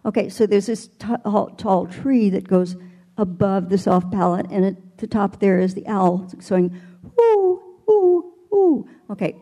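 An older woman with a mellow, relaxed voice speaks as a voice teacher. She explains her coaching thoughtfully and demonstrates with playful vocal imagery. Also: mid-range voice, moderate pace. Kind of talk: panel interview answer.

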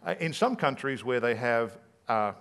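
A man's voice: mid-range voice, lively intonation, normal speed, fairly bright tone, clear, resonant tone. A man, a pastor preaching a sermon in a conversational way, full of rhetorical questions.

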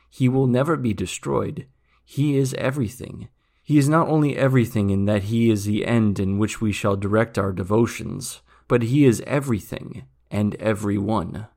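Male reader as a zealous lecturing monk, earnest and gravelly. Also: medium pitch, darkish tone. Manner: earnest, preachy, rising intensity.

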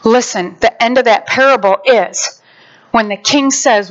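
A woman preacher delivering a sermon with animated storytelling, acting out the characters. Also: fairly high pitch, a little slow. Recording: dull lo-fi sound.

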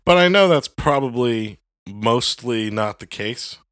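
A young man with a mid-range voice chats casually on a podcast. He talks in an animated way, says "like" often, and breaks into little acted voices. The recording is close and dry. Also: medium pitch, unhurried, no room sound. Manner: animated, heavy on "like", acts out voices. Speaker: podcast co-host. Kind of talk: casual faith chat.

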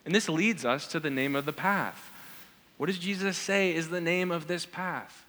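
Male pastor, earnest sermon delivery with searching questions; bright, slightly high voice in a reverberant hall. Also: normal speed. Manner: earnest, asks the congregation repeated questions. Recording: long reverb of a large hall.

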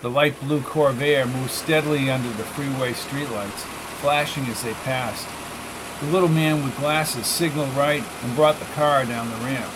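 A man narrating a novel in a steady, measured reading voice. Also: medium pitch, background noise. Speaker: audiobook narrator. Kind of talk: scripted narration.

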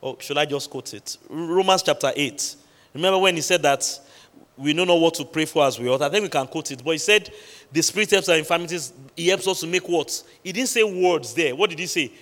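A man preaching a midweek sermon, with emphatic pauses, quoting scripture and repeatedly questioning the congregation. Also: fairly high pitch, a bit bright. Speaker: pastor. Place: large church hall. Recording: long hall reverb.

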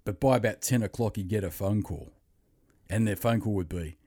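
A man hosting a podcast, telling a rambling, profane story in casual chat, a little hoarse. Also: fairly low pitch, fairly quick, warm tone, dry recording, studio quality. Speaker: podcast host.

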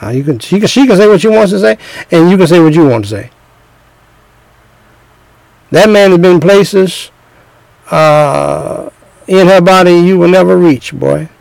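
A middle-aged man delivering relationship advice in a preachy, emphatic way, hammering his points with repetition. His voice sits a bit high for a man, with a gravelly rasp. The sound is close and dry. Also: expressive, a little slow, pauses often, darkish tone, dry recording, rough recording. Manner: emphatic, repetitive, acts out scenes. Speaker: speaker giving relationship advice.

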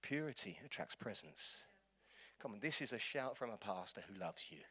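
Bright-voiced pastor preaching. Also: male voice, on the low side, animated, moderate pace, slightly rough. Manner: impassioned, urging, rhetorical questions. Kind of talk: sermon. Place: church.

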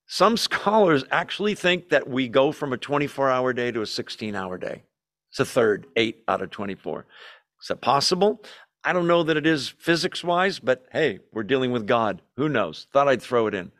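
Guy pastor doing a bible teaching, chatty, keeps asking the crowd questions, mid-pitch voice. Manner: conversational, asks the audience questions, lively shifts in pitch.

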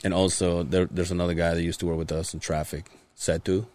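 A man's voice: low-pitched, brisk, dry recording. A man hosting a podcast in casual chat, telling stories animatedly with plenty of swearing and mimicked voices. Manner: animated storyteller who swears often and mimics other people's voices. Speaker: podcast host.

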